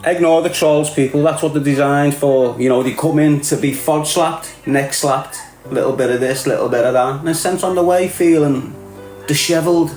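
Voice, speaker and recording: A man's voice: on the high side, fairly even intonation, moderate pace, darkish tone. Mocking Scouse man in a roomy echo. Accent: Scouse (Liverpool). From Liverpool area, England. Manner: mocking, streetwise banter, frequent laughter, calls everyone "lad". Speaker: livestream host. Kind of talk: casual livestream rant. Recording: roomy echo with faint music.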